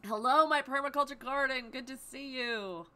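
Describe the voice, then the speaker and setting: A woman's voice: sits high, moderate pace, sharp tone. A woman hosting a live stream from home, chatting casually and greeting viewers by name. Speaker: livestream host.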